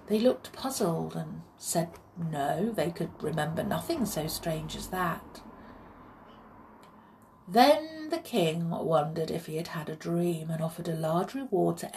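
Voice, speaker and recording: Reading a children's tale in a gentle, expressive manner, this woman has a voice on the low side. She talks warmly with her young audience along the way.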